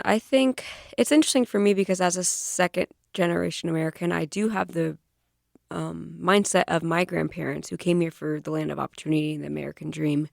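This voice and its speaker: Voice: medium pitch, gravelly, no echo, studio quality. A young adult historian on a radio talk show, speaking in an earnest, hopeful way.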